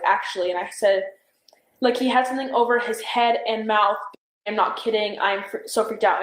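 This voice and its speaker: Hesitant young woman in a roomy interview room. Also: mid-range voice. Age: young adult. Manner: hesitant, rambling, filled with "like" and "I don't know". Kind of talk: police interview recounting events.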